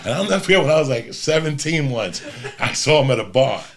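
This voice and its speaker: Gravelly man telling profane street stories. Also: mid-range voice, big pitch swings, quick pace, fairly bright tone. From New Jersey, United States. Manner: profane, rambling street storyteller. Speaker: podcast host. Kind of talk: casual storytelling chat.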